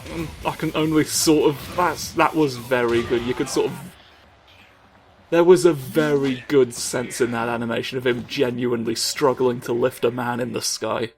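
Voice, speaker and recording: A man's voice: mid-range voice, fairly even intonation, normal speed. A man giving rambling, playful comedic commentary over a fighting game, full of absurd asides.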